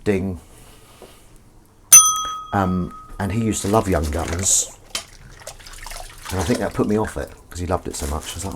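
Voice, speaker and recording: A man's voice: low voice, unhurried, pauses often, background noise. A man hosting a casual livestream from home, chatting with viewers in a rambling, self-mocking way. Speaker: livestream host. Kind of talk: casual chat with live chat viewers.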